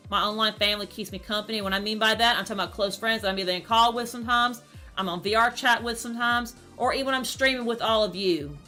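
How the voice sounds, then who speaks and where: A woman's voice: a little high, fast, pushed and bright, soft background music. A woman, a streamer talking casually to her chat, rambling and repeating words, upset and close to tears. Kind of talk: casual talk to camera.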